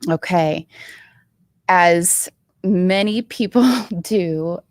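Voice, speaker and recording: A woman's voice: fairly low pitch, extremely slow, no echo, clean studio sound. A woman being interviewed about her children's book, telling her story earnestly with frequent ums. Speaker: author guest. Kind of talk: live interview conversation. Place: live online show.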